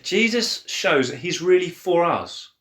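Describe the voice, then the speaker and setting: Man, higher voice, lively swings, talking Bible in an echoey room; animated, acts out quotes. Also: unhurried. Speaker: co-host of a church Bible podcast. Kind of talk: casual Bible discussion.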